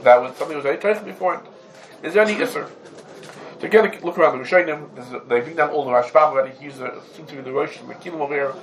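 Guy teaching a law class, slightly high voice, keeps asking questions back, faint hiss behind. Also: rapid-fire, low-quality recording. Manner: lively, rhetorical questions, Hebrew terms woven into English. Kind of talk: Talmudic law lesson.

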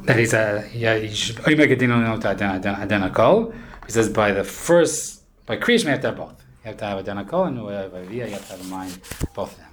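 A man's voice: lowish voice, fast, slight background noise. A man teaching an informal Torah class, explaining in a loose, rambling way with many fillers and Hebrew terms.

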